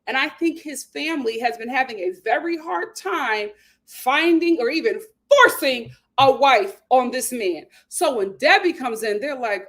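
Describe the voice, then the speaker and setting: A woman's voice: high voice, animated, normal speed, a bit bright. A woman hosting a casual reality TV recap and reading viewer comments, opinionated and talking straight to her audience. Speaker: host.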